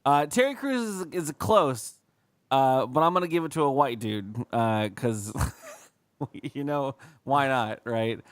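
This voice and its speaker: A man's voice: medium pitch, lively intonation, takes it slowly, clear, resonant tone, no echo, studio quality. A man co-hosting a casual comedy podcast, rambling, swearing and acting out little bits. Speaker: podcast co-host.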